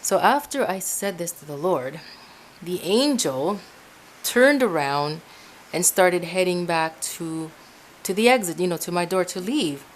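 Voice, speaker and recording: A woman from Ecuador telling her own spiritual testimony in a casual, animated way. She speaks straight to her listeners as "guys", often restarting and repeating herself, recorded at home in her room. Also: on the low side, measured pace, slight background noise. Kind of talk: casual spoken personal testimony.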